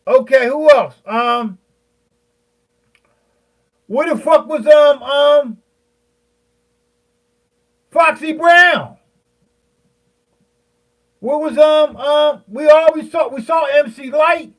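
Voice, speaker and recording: A man in his fifties, a beat maker, ranting heatedly at his viewers, profane and rambling, with many fillers and pauses. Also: very high-pitched. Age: 50s.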